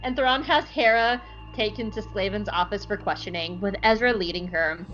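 A woman's voice: medium pitch, normal speed, a bit bright, lo-fi sound, soft background music. A young woman hosting a podcast, chatting casually and giggly through an episode recap. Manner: chatty, giggly, lots of fillers. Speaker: podcast host.

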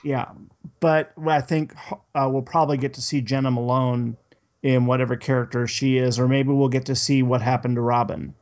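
A man's voice: medium pitch, little pitch movement, normal speed, darkish tone. Chatty male podcast co-host. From Minnesota and Boston area. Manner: chatty, rambling with frequent restarts. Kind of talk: casual chat.

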